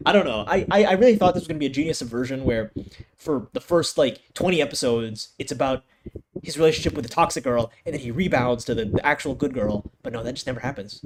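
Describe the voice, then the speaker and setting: Young male anime reviewer, fairly high and very animated voice, swearing and ranting, noisy home recording. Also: fast. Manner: exasperated, profane rant with frequent restarts. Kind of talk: casual ranking commentary.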